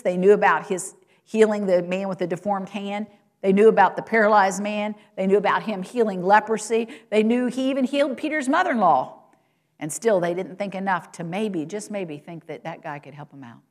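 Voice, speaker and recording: Speaking briskly, a woman preaches directly to her congregation, posing rhetorical questions. She climbs in pitch and volume for quoted lines and exclamations, then drops to soft, low asides.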